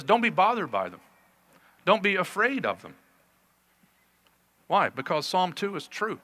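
A man's voice: sits high, sharp tone. A man preaching a sermon as pastor, reading scripture aloud with earnest emphasis.

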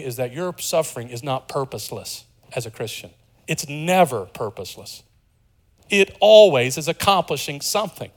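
Earnest male preacher, hushed to emphatic. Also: medium pitch. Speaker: pastor. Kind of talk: sermon.

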